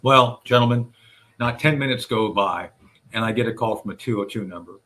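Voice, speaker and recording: A man recounting a series of events in recorded testimony, speaking deliberately with frequent hesitations and restarts. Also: lowish voice, fairly bright tone. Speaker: whistleblower advocate recounting events. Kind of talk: recorded testimony played on a radio show.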